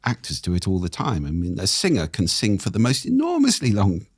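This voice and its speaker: A man, a speaking expert and podcast guest, explaining things in a measured way with examples, his voice a little croaky. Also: lowish voice, huge pitch swings, no echo, studio quality. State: slightly croaky. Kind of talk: explanatory interview talk. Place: podcast studio.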